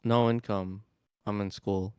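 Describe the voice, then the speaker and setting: A man in his twenties, a student, talking in a deadpan monotone in casual voice-chat banter. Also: fairly low pitch, a little slow, clean tone, no echo, studio quality. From United States. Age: 20s.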